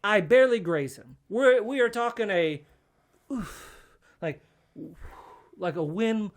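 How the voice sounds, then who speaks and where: A man telling an animated story in casual chat, acting out the voices and laughing at himself. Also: high-pitched, takes it slowly.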